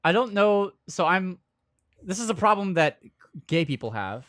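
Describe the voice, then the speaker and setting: Slightly high-voiced man in a movie commentary. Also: very animated, normal speed, fairly bright tone, dry recording, studio quality. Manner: chatty, wanders into tangents and movie quotes. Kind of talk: casual movie commentary chat.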